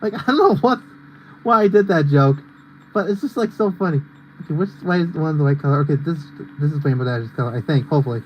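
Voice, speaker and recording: A man's voice: a little high, quick pace, lo-fi sound, slight background noise. A young man streaming a racing game, rambling and ranting in casual commentary with lots of fillers. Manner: rambling and ranty, heavy on fillers.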